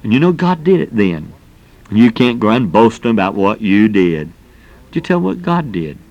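A man's voice: fairly low pitch, big pitch swings, moderate pace, a little mellow, lo-fi sound. A middle-aged man preaching a sermon in a folksy, emphatic way, peppering his talk with exclamations.

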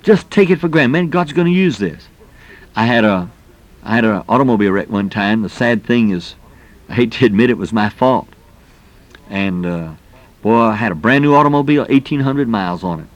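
A man's voice: medium pitch, expressive, brisk. A middle-aged man preaching a sermon in a folksy, emphatic way, peppering his talk with exclamations.

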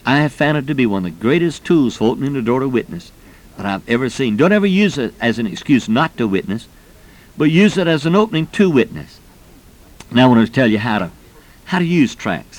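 A man from Florida preaching, telling a personal story in a folksy, animated way about using gospel tracts. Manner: folksy, animated storyteller who acts out quoted voices with rising pitch. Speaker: preacher teaching personal evangelism. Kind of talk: storytelling sermon.

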